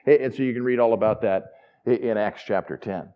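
A man's voice: medium pitch, a little fast, lo-fi sound. A man preaching a sermon in a conversational, enthusiastic teaching manner with asides. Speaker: pastor.

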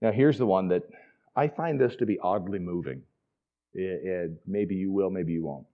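A man's voice: sits low, moderate pace, highs cut off. A man preaching a sermon in a conversational, enthusiastic teaching manner with asides. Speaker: pastor.

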